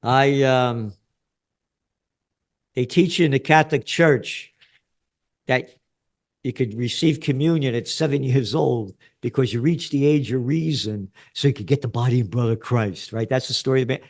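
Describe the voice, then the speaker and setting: A man's voice: mid-range voice, moderate pace. A man in his seventies with a New York accent, a guest in an interview who talks bluntly and emphatically and swears freely. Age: 70s. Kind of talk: conversational interview.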